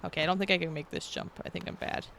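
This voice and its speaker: A young adult woman streamer talking through a video game, expressive, laughing and yelling at the game. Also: fairly low pitch, rapid-fire, creaky, a little hiss or hum. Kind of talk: gaming commentary. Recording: game music behind the voice.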